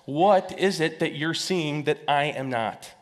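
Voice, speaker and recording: A preacher acting out a frantic young servant. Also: male voice, on the high side, a little slow, voice pushed up, lightly acted. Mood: exasperated. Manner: frantic, pleading, exasperated. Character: panicked young male servant of a prophet. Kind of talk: dramatized sermon story. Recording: echoey hall reverb.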